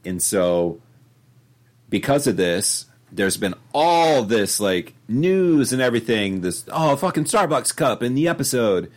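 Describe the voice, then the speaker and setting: A man's voice: fairly low pitch, very animated, takes it slowly, darkish tone. A young man co-hosting a podcast in casual chat, rambling with many fillers and calling people dude. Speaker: podcast co-host.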